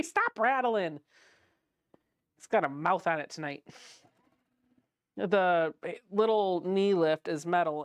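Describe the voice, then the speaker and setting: A woman's voice: lowish voice, clear, resonant tone, no room sound. A woman in her thirties hosting a chatty livestream from her home sewing room, giggling often and reading viewer comments aloud. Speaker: livestream host.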